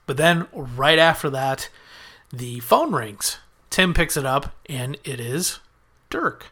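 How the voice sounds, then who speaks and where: A man's voice: medium pitch, animated, slow pace, pushed and bright, breathy edge. A man casually recapping a TV episode as a podcast host, chatting through the plot and quoting the characters in his own voice.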